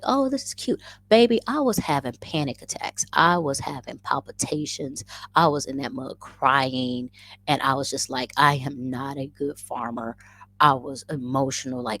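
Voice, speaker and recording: A woman in her forties casually telling a story as a vlogger, animated and self-mocking. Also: very deep voice. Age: 40s. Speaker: vlogger and rabbit farmer.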